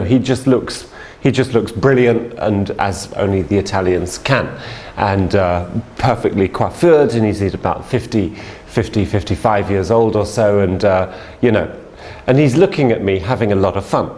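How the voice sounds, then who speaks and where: A man's voice: lowish voice, a little mellow. A man telling a story as a sales trainer, in a chatty way with many fillers and restarts. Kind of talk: storytelling lesson.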